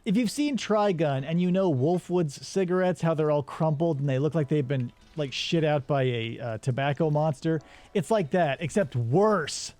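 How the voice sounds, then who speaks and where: While working, a male podcast co-host runs through a movie's plot in a casual, animated way, performing the characters' dialogue himself. He speaks a little high at a normal pace, pausing only a few times, and there's no echo.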